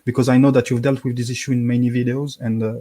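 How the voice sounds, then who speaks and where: A man's voice: mid-range voice, level tone, fast talker, warm tone. Hesitant French-accented man calling in. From France. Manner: hesitant, many ums and uhs, searching for English words. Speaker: caller. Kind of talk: caller asking a question.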